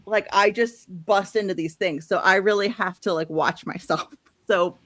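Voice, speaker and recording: Here the Midwestern book-livestream host talks at a normal speed in a mid-range voice that's a bit bright. The recording is dry, and she stays chatty, laughing frequently as she goes through viewer comments.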